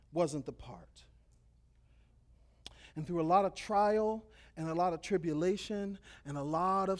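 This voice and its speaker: A man preaching to young people, retelling a story in a joking, slangy, animated way. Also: on the high side. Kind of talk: casual storytelling sermon.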